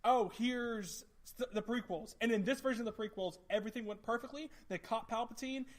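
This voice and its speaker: A man's voice: extremely high pitch, a little fast. A man hosting a podcast, talking animatedly in a casual, rambling way. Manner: animated, rambling, restarts often. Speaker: podcast host. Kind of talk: casual chat.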